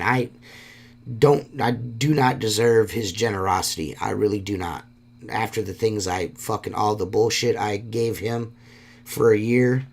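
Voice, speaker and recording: A man's voice: fairly low pitch, creaky, a little hiss or hum. A man hosting a solo podcast, talking in a rambling, heartfelt way and swearing often. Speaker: podcast host.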